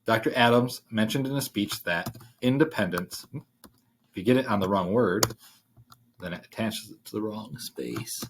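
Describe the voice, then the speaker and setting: A male writing instructor talks through a worksheet in a relaxed, thinking-aloud way, with plenty of fillers along the way. His voice sits on the low side. Keyboard typing can be heard behind him. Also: measured pace, slight background noise. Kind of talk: screen-share worksheet walkthrough.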